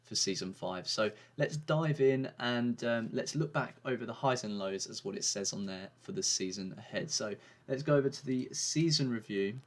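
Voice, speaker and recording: A man's voice: medium pitch, expressive, normal speed. A man giving a casual, rambling commentary on his video game season, with frequent fillers and restarts. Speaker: gaming YouTuber.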